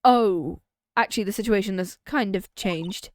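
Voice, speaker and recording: A young woman streaming a game, reading its dialogue aloud and chatting with quick reactions. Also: medium pitch, slight background noise.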